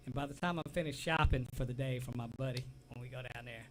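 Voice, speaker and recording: Fast-talking and fairly even in intonation, this medium-pitched man co-hosts a casual talk show with a Southern US accent. He rambles through stories, laughs easily and often trails off mid-sentence, all on poor audio with a little hiss or hum.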